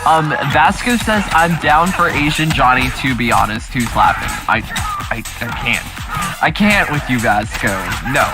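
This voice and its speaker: A man co-hosting a casual live stream, reading chat comments aloud and reacting with excitable, exclamatory energy. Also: medium pitch, normal speed. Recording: music playing behind the voice.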